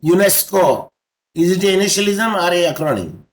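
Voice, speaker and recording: A man teaching an online law class, explaining slowly and spelling out letters one by one. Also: on the high side. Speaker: law lecturer. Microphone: video call.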